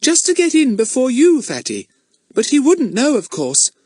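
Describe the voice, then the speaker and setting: A man voicing a small, eager, excitable girl who talks in a breathless rush. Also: very high voice, moderate pace, no room sound, clean studio sound, pitched above the performer's own voice, heavily acted.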